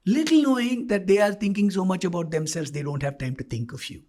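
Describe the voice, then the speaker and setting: A man's voice: high voice, a little fast, darkish tone. A male life coach and podcast host telling a story in a monologue, animatedly acting out both sides of a dialogue.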